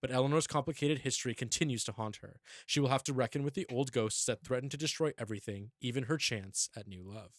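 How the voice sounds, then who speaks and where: A man's voice: mid-range voice, fast, hardly any pauses, no room sound, clean studio sound. A man co-hosting a book podcast, chatting casually and teasing his co-host, at times reading a synopsis aloud.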